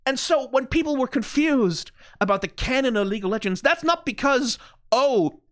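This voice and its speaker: Rant like you're fed up, as a man talking in his own room. Swear freely, lean hard on key words and let your pitch jump around. Keep it dry and close on the mic. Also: expressive, fairly quick, dry recording. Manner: profane, exasperated, emphatic rant. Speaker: video creator reacting to game lore. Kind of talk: ranting commentary.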